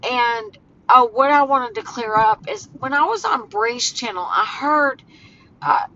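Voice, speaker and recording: A woman vlogging casually while walking home outdoors, talking in a slow, halting way that turns emotional. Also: on the high side, animated, sharp tone. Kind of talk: casual vlog talk. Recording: dull phone audio with faint outdoor noise.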